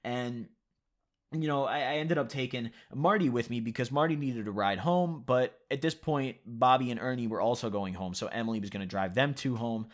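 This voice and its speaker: A young man vlogging at his computer, telling a loose, profane story in casual chat, full of "you know" and "like". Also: mid-range voice. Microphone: computer mic at a desk.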